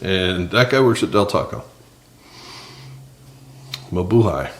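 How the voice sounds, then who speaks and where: A man's voice: low-pitched, expressive, slow pace. Chatty man cooking in an echoey kitchen. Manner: chatty, joking asides to viewers. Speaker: cooking channel host. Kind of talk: casual cooking vlog. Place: small home kitchen. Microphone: several cameras on the counter.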